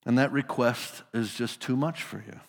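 A man's voice: mid-range voice, normal speed, vocal fry, big-room sound. A male pastor preaching a sermon in a casual storytelling manner, putting his listeners into the scene.

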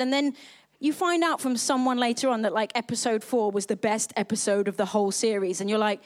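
A woman's voice: on the high side, fairly quick. A young woman pastor giving a live sermon in a bubbly, chatty, self-mocking way.

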